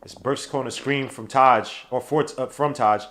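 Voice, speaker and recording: A man hosting a live watch-along podcast, calling the basketball game play by play with slangy, excitable talk that breaks into shouts at big plays. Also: mid-range voice, moderate pace. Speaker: podcast host doing play-by-play.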